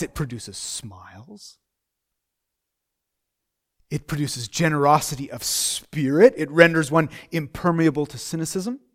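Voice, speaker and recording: A middle-aged man preaching a sermon in a conversational way, repeating phrases and asking rhetorical questions. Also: on the high side.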